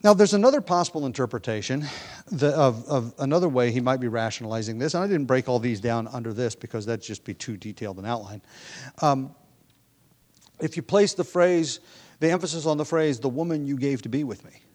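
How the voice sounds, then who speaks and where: A man delivers a sermon at a middle pitch, in an easy conversational way. He thinks aloud as he goes and slips into short acted-out quotes. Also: lively intonation, brisk, a little mellow. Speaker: preacher.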